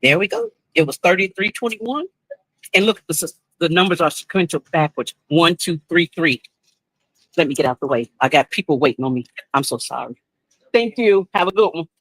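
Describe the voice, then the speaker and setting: A woman's voice: on the low side, expressive, moderate pace, breathy edge, no echo, rough recording. A woman chatting casually on a live stream, talking straight to her viewers and laughing often, first at a shop checkout and then at home.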